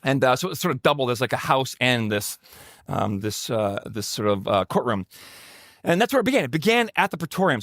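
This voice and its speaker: A man's voice: medium pitch, a bit bright, dry recording, clean studio sound. A man, a pastor, preaching a sermon in a conversational way with joking asides to the congregation.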